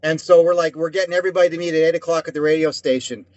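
A man, a co-host with a slightly raised voice, telling rambling profane stories. He drops into quick acted-out voices as he goes. The sound is dull and lo-fi, dry and close with no room around it. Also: fairly high pitch, fairly even intonation, darkish tone, no room sound. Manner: profane, rambling storyteller, acting out quoted voices. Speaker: podcast co-host. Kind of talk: casual chat.

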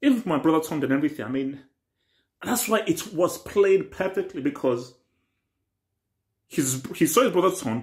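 A young man hosting a casual TV reaction video. He rambles and repeats himself, swinging between excited bursts and low mutters. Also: moderate pace, long pauses. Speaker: reaction channel host.

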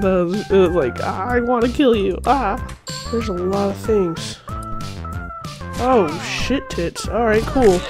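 A man commentating a video game while sick, his voice a little raspy, blurting excited, slangy reactions. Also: high voice. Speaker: gaming commentator.

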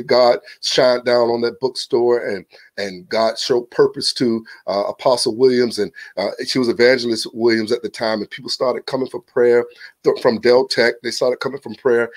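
A man in his forties from Virginia with a Southern accent, a pastor guesting on a church podcast, animated and telling stories with quick restarts. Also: mid-range voice, no echo. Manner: animated, exclamatory, storytelling, frequent restarts. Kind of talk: casual church podcast interview.

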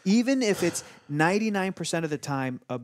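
A man co-hosting a casual livestream chat, talking in an animated way and slipping into quick mock voices. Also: high voice. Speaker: podcast co-host.

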